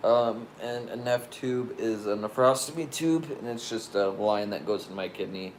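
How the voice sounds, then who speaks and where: A man's voice: fairly low pitch, moderate pace, a little hiss or hum, rough recording. A young man co-hosting a casual live stream, speaking in a laid-back, hesitant way.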